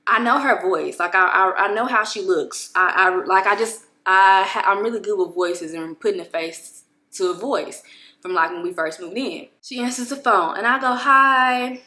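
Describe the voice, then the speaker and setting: A woman vlogger at home, telling a story to camera in an expressive, exasperated way, with many restarts. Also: mid-range voice, moderate pace, echoey room. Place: home apartment room.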